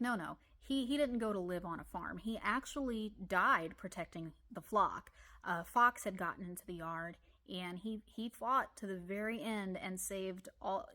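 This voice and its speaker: A woman with an Ozarks accent telling comic personal stories, animated with deadpan asides. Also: mid-range voice. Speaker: storyteller. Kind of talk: comedic personal storytelling.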